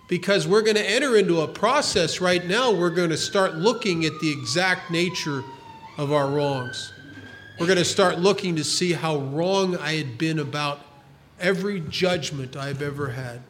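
A man's voice: sits high, normal speed, fairly bright tone. A man giving a recovery talk, telling a folksy parable and acting out its characters' replies. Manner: folksy storyteller, acts out the old man's shrugging replies. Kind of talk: storytelling talk.

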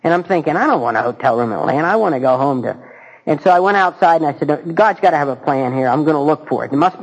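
A man's voice: fairly high pitch, poor audio. A man speaking at a recovery meeting, telling a personal story in an earnest, folksy and candid way.

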